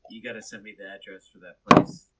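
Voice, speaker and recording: A man's voice: on the low side, little pitch movement, quick pace, a bit bright, rough recording. A young man co-hosting a casual podcast chat, making dry jokes at his friend. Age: young adult. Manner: dry joking. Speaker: podcast co-host.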